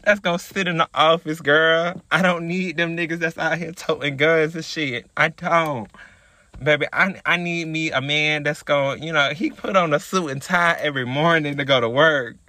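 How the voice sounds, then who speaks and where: A man with a fairly high, sharp voice speaks at normal speed with fairly even intonation, recorded without echo. Hosting a podcast, he tells a story in a sassy, profane, chatty monologue, calling his listeners "girl."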